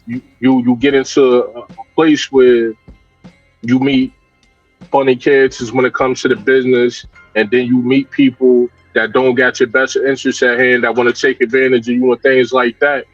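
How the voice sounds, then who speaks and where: A man's voice: mid-range voice, flat delivery, normal speed, no echo, soft background music. A man, a hip hop and R&B artist, talking candidly and reflectively as a guest in a casual interview, often restarting his sentences. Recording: dull lo-fi dry sound.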